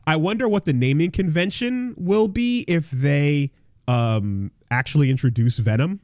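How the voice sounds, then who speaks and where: A man's voice: fairly high pitch, animated, measured pace, a little mellow, dry recording, clean studio sound. A man co-hosting a casual podcast, rambling and swearing, with lots of fillers and restarts. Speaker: podcast co-host.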